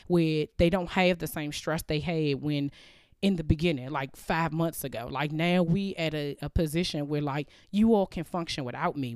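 A woman's voice: low voice, a little mellow, clean tone, no echo. A woman hosting a podcast, telling a personal story in an earnest, heartfelt, conversational way into a close mic. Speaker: podcast host.

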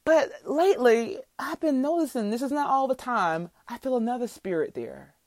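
A woman's voice: a little high, lively intonation, moderate pace, a little mellow, no echo. A woman hosting a faith podcast, telling a heartfelt testimony and teaching scripture in a preacherly way. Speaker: podcast host.

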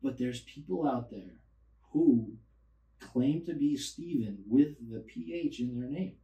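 A man's voice: mid-range voice, animated, unhurried, warm tone. A man co-hosting a podcast in casual chat, playful and teasing. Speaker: podcast co-host. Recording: echoey room, mic a bit distant, faint noise.

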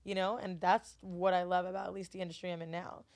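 A woman's voice: lowish voice, level tone, quick pace, a little mellow. A woman from Florida chatting as a podcast guest, candid and profane, laughing often and leaning on filler words. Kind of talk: casual podcast chat.

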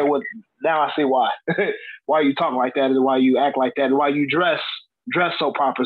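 A soft-spoken man tells a story with some hesitation in a husky, slightly high voice. The line is thin and phone-like. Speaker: pro wrestler guest. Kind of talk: casual panel chat.

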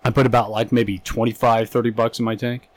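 A man's voice: mid-range voice, level tone, a little fast, dry recording, low-quality recording. A man co-hosting a comedy podcast, telling a crude anecdote in a casual way and acting out the voices of the people in it. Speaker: podcast co-host.

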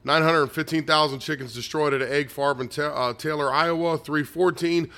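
A man's voice: a little high, steady tone, bright, forceful tone. A man reading a long list of dates and places from his own notes, hurrying and tripping over words with fillers and restarts. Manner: reads fast with stumbles, restarts and fillers.

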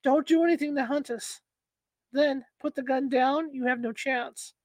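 A cold alien being, voiced by a woman narrator speaks in a measured, reserved and menacing way. The voice sits fairly high, and the recording is dry and close. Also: fairly even intonation, a little mellow, no echo, natural voice.

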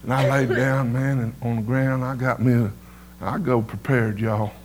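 A man's voice: medium pitch, fairly even intonation, normal speed, a little hiss or hum. A middle-aged man preaching his testimony, telling folksy stories and tossing "amen" to the congregation. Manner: folksy storytelling, peppered with "amen" to the crowd. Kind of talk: sermon testimony storytelling.

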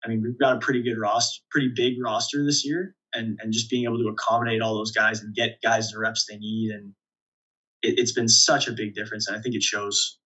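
Bright, husky-voiced young man telling stories. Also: fairly low pitch, a little fast, low-quality recording. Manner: relaxed storyteller, many restarts and chuckles. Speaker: volleyball player guest. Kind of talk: casual interview storytelling.

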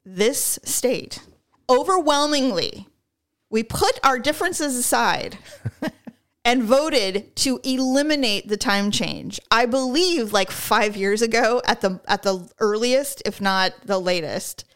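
Sarcastic, animated woman podcast host. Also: on the high side, takes it slowly. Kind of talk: casual podcast chat.

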